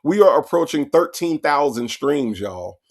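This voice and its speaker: Greeting chat viewers by name with repeated hellos, this casual livestream host has a slightly high, sing-song male voice and an unhurried delivery.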